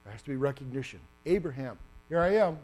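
A man preaching a sermon, animated and acting out the story with sudden loud bursts. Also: medium pitch, quick pace.

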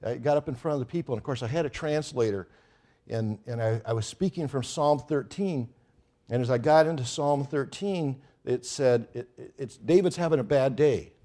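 A middle-aged pastor preaches to his congregation and tells a story that picks up in excitement. His voice is warm and mellow, and it sits at an ordinary pitch for a man. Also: moderate pace. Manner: storytelling, animated with rising excitement. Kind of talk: sermon.

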